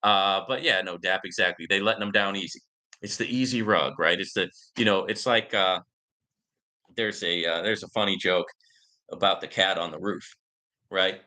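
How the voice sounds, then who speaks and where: Male host, casual rambling commentary, very bright sharp tone. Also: sits low, moderate pace. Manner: rambling, many fillers, addresses viewers as guys. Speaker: crypto investment show host. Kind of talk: casual live-stream commentary.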